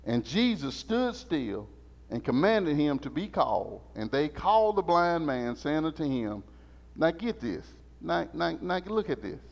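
Animated preacher in a church. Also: male voice, on the high side, measured pace, creaky. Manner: animated, call-and-response preaching, repeats phrases. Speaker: Sunday school teacher. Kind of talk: preached Sunday school lesson. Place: church sanctuary. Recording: muffled sound in a reverberant church.

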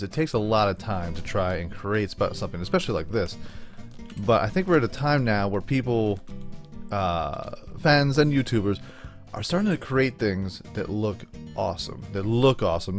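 A man hosting a let's-play, chatting casually in slang, rambling and talking to himself as he plays. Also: on the low side. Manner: excitable, slangy, rambling, talks to himself while playing. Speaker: gaming channel host.

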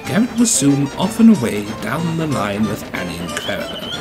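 A man narrating a children's storybook in a gentle, even storytelling voice. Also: medium pitch, moderate pace. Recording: music playing behind.

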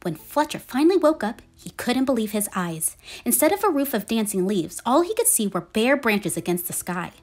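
A woman reading a children's picture book aloud in a gentle, expressive storytelling manner. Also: on the high side, normal speed, hardly any pauses. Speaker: storybook reader.

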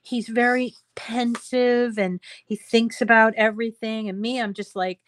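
A woman's voice: fairly high pitch, level tone, measured pace, few pauses, no echo. A woman hosting a casual craft tutorial, chatting to her viewers in a rambling way with many fillers. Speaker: craft show host.

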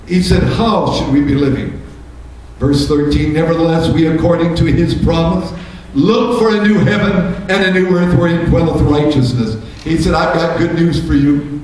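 A male pastor with a fairly high, darkish-toned voice preaches at normal speed, with a little hiss or hum in the audio. He asks rhetorical questions and builds to fervent emphasis, recorded in an echoey church room from a distant mic.

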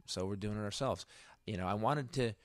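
A man's voice: fairly low pitch, fairly quick, no room sound, studio quality. A middle-aged man, a guest comedian, telling a story on a podcast in a rambling way, full of restarts. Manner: rambling, self-interrupting, many restarts. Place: podcast studio.

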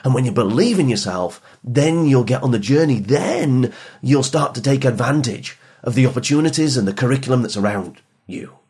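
A man speaking as a motivational speaker to teenagers and parents, emphatic and repetitive, sometimes dropping soft for emphasis. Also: mid-range voice, expressive, normal speed, breathy edge. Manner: emphatic, repeats phrases, drops soft for emphasis. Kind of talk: motivational podcast talk.

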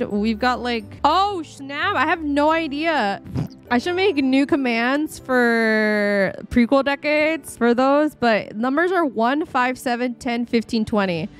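Chatty young woman streaming a game. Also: a little high. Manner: chatty, rambling, reacting aloud to the game. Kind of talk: casual live-stream commentary.

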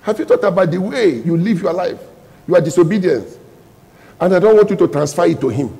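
A man preaching a sermon as pastor, calling out questions to the congregation and bursting into loud emphatic lines. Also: sits high, lively intonation, brisk, vocal fry, in a large hall, poor audio.

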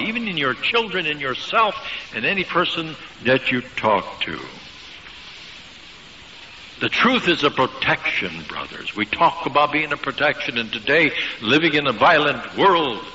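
A man preaching a sermon, telling stories emphatically with dramatic pauses. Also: fairly high pitch, sharp tone, a little hiss or hum. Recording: dull lo-fi recording with long hall reverb.

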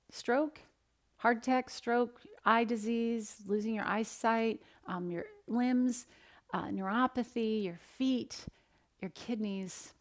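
Lively woman dietitian teaching nutrition. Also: mid-range voice. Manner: animated, asks the audience questions, acts out quoted voices. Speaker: dietitian presenter. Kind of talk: energetic nutrition talk with storytelling.

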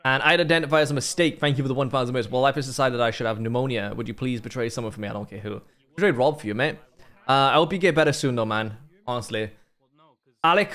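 A man's voice: mid-range voice, a bit bright. A man hosting a casual gaming stream, bantering with friends and reading out donations. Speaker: streamer host.

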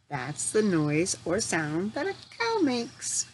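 A woman reading a picture book aloud to young children as their teacher, pausing to ask them gentle questions. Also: medium pitch, big pitch swings, heavy background noise.

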